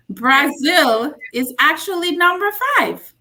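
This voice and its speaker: A woman's voice: high-pitched, lively intonation. A woman in her forties from Jamaica, a nurse practitioner giving a casual health talk, telling stories with emphatic repeats. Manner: slow, warm storytelling with emphatic repeats. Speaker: guest speaker, nurse practitioner.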